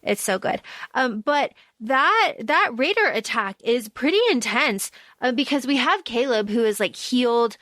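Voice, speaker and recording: A woman co-hosting a book podcast talks in a loose, rambling way, full of fillers and acted-out quotes from the characters. Her voice sits a little high, and the sound is close and dry. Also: animated, measured pace, fairly bright tone, dry recording. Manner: chatty, lots of fillers and quoted asides, swears casually. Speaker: podcast co-host. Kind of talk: casual book discussion.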